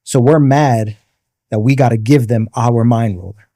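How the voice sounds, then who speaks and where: A man's voice: medium pitch, measured pace, mellow, no echo, clean studio sound. A man, a podcast guest and military veteran, telling a personal story in vivid detail and patiently explaining military terms. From the Bronx, New York.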